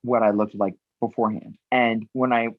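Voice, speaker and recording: A middle-aged actress guests on a podcast, telling stories in an animated, rambling way and acting out voices. Her recording is dull and lo-fi. The sound is dry, with no room echo. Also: very deep voice, moderate pace. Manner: animated, rambling storyteller who acts out voices. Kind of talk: podcast interview.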